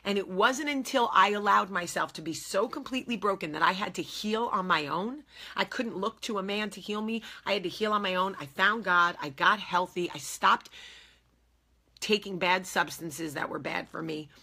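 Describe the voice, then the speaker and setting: A woman in her forties speaks straight to her viewers with earnest conviction and often repeats her key phrases for emphasis. Her voice is husky and slightly rough, yet it carries a bright, forceful edge. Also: medium pitch, moderate pace. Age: 40s. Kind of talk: heartfelt casual talk to camera.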